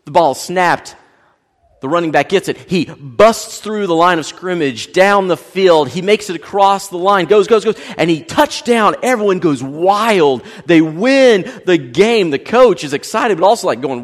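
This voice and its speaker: A man preaching a sermon, telling stories animatedly and swinging between loud and hushed. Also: high-pitched, animated, moderate pace, big-room sound. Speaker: pastor. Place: large church sanctuary.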